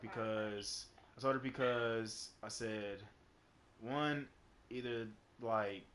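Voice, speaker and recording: Over a faint hiss or hum, a young man livestreams a personal story in a lowish, slightly bright voice. The telling wanders, loose and casual, thick with filler words and profanity.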